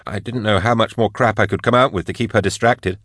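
A man's voice: lowish voice, steady tone, fairly quick, fairly bright tone, dry recording, studio quality, voice pushed up, lightly acted. Wry, chatty male scholar, read by a man. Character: glib, curious male scholar prisoner.

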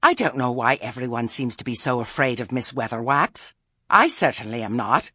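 A man voicing a shrill, haughty woman, a pompous witch in an audiobook. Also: lively intonation, normal speed, sharp tone, husky, no echo, studio quality, full character voice. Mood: indignant. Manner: imperious, indignant.

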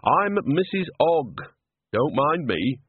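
A chatty, cheeky older tea lady with a high, sing-song lilt, put on by a male reader. The audio is tinny and phone-like, with husky edges. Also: very animated, slow pace, dry recording, exaggerated voice. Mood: cheerful.

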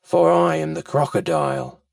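A man voicing a sly, scheming male crocodile in a storybook reading, speaking slowly and coaxingly. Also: big pitch swings, no room sound, clean studio sound, far from the mic. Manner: slow, deep and coaxing.

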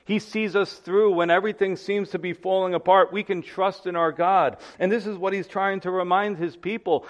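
A man's voice: high voice, fairly even intonation, moderate pace, few pauses, dull audio. A man preaching a sermon as pastor, emphatic and repeating key phrases, calling his listeners guys.

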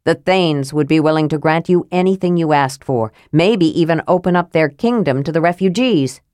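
Woman voicing half-elf male leader, measured, reasoning, low, dry. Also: a little mellow, no room sound, natural voice.

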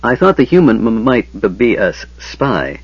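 A man's voice: medium pitch, very animated, brisk, breathy edge, dry recording. A man voicing a whining, groveling male hobgoblin underling who stammers and cringes, in an audiobook reading. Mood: stammering. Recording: dull lo-fi audio.

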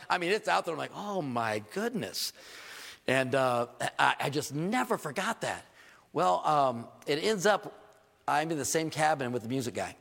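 A man's voice: high voice, gravelly, a bit bright, big-room sound. A man preaching a sermon as a pastor, telling stories to his congregation and building to emphatic points.

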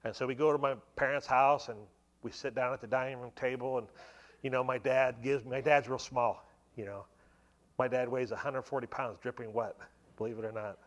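A man's voice: mid-range voice, steady tone, brisk, lo-fi sound. A man in his forties shares a personal testimony with a church congregation. He talks like he is telling a story to friends and fills it with many casual asides. His voice sits in an ordinary middle range. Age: 40s. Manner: conversational storytelling with many fillers. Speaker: speaker giving a testimony at church. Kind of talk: sermon testimony.

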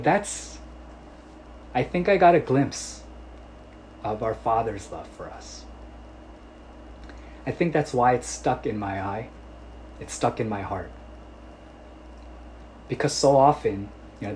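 A man's voice: fairly low pitch, a little mellow, slight background noise, rough recording. A male pastor telling a personal story in a sermon, conversational with many fillers, turning earnest as he exhorts. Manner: conversational, full of "you know" fillers.

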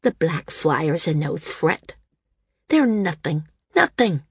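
A woman's voice: low-pitched, big pitch swings, takes it slowly, breathy edge, no echo, studio quality, full character voice. A woman voicing a thin, stooped male flyer with a reedy voice and an ingratiating, deferential manner. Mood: fawning.

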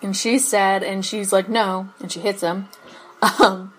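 A woman chatting on a podcast about a TV episode. She talks slowly and unhurriedly, drifting off track and laughing as she goes. Her pitch sits in an ordinary middle range. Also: fairly even intonation, slight background noise, low-quality recording. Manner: slow, meandering, laughs often, loses her place. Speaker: podcast co-host. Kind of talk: casual chat recapping a TV episode.

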